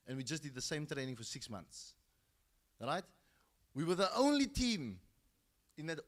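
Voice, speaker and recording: A middle-aged man with a South African accent and a medium-pitched voice gives a storytelling speech at a school football launch. He acts out the people he quotes.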